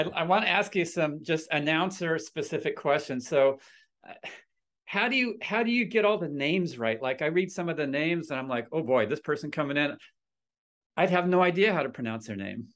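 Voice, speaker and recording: Man hosting, slightly higher voice. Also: expressive, moderate pace, fairly bright tone. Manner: affirming, frequent mm-hmms. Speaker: podcast host, coach. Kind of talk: interview questions.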